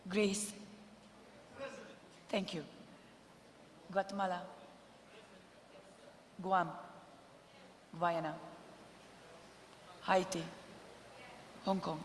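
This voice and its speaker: A woman reading a roll call at a congress, measured and formal. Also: lowish voice, flat delivery, slight background noise. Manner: measured, reads a list of names. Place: large conference hall. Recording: echoey conference hall, faint ambience.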